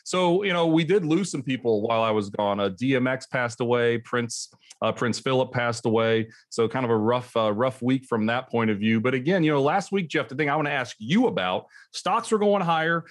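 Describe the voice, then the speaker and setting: A man's voice: medium pitch, brisk. Chatty middle-aged male podcast host. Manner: chatty, animated storyteller with frequent restarts. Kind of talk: casual podcast chat.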